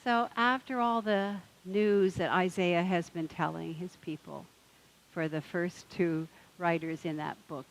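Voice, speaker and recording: A woman's voice: sits low, a little hiss or hum, rough recording. A woman minister preaching a sermon in a conversational, storytelling manner.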